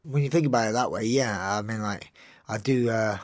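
A man's voice: moderate pace, dry recording. A man, a retired fighter, reminiscing about his fights in a laid-back, casual podcast chat. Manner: laid-back, reminiscing, speaks low and soft.

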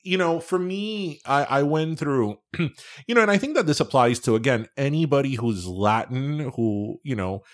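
A man's voice: mid-range voice, lively intonation, normal speed. Easygoing Miami man, podcast host. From Miami, Florida. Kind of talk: casual podcast chat.

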